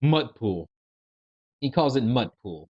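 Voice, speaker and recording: A man's voice: medium pitch, sing-song, slow, a little mellow, no echo. Guy rambling through reaction commentary, lots of restarts, dry dull lo-fi sound. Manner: rambling, hesitant, many restarts. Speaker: reaction video host. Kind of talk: casual commentary.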